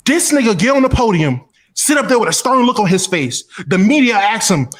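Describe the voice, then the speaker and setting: A man on a casual podcast, telling a story in an animated, profane, mocking way. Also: high-pitched, fairly quick. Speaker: podcast co-host.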